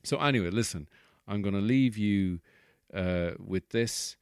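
A man's voice: on the low side, a little slow, clear, resonant tone, no echo, clean studio sound. An Irish man in his thirties, a comedian hosting his podcast, rambling casually with exasperated, sweary asides.

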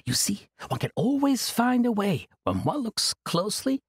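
A man's voice: high-pitched, sing-song, moderate pace, breathy edge, no echo, voice pushed up, heavily acted. A man voicing an eccentric, mischievous ancient male monk who talks in a playful, grandiose way. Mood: whimsical.

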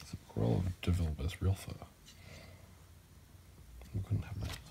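Super deep gravelly guy, dry and deadpan, noisy recording. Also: unhurried. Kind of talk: casual chat while building.

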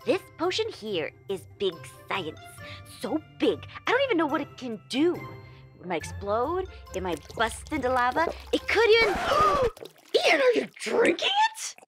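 A woman hosting a role-play gaming session, excitable and dramatic, prone to squeals. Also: high-pitched, a little slow, music in the background. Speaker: game host.

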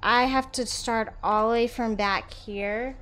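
A woman's voice: on the high side, steady tone, slow. Chatty young woman gaming. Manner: chatty, loud reactions, talks to chat. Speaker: streamer. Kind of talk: live horror game commentary.

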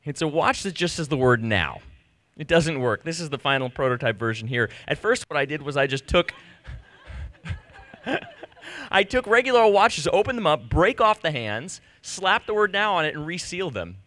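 A man in his thirties telling a personal story to a live audience, animated and self-deprecating, acting out the conversations he recounts. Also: on the high side, brisk. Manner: animated, self-deprecating, acts out quoted exchanges. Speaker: speaker giving a personal talk. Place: stage before an audience.

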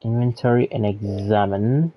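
A man's voice: lowish voice, normal speed, breathy edge, dry recording, dull audio. A man streaming a video game, reacting casually, swearing now and then, and reading in-game text aloud. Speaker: gaming streamer. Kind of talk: let's play commentary.

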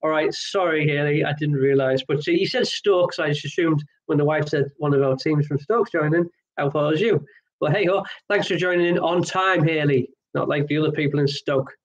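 A man's voice: a little high, brisk, muffled recording. A man hosting an online pub quiz, chatty and jokey with rambling asides. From Wales.

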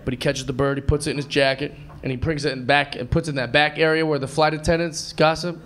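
A man performing live stand-up, telling a story in an excitable way and acting out other people's voices. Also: fairly high pitch, fast talker, heavy background noise. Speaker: stand-up comedian. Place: comedy club stage before a live audience. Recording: live club recording with crowd laughter.

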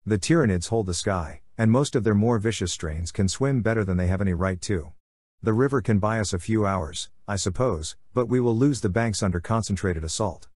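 A man's voice: fairly low pitch, a little fast, a little mellow, no echo, clean studio sound, lightly acted. A man voicing a grim, pessimistic male army officer with a blunt, curt manner.

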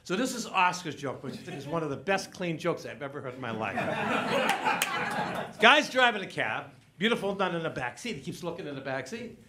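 An older man performing a stand-up comedy set, telling stories and acting out each person's lines in quick back-and-forth. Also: on the high side, heavy background noise. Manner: animated storytelling, acts out family members in quick back-and-forth. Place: comedy stage.

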